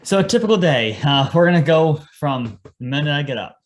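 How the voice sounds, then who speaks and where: A man's voice: a little high, animated, brisk. A young man, a paramedic guest on a podcast, telling his work story in an earnest, casual way and acting out his past lines.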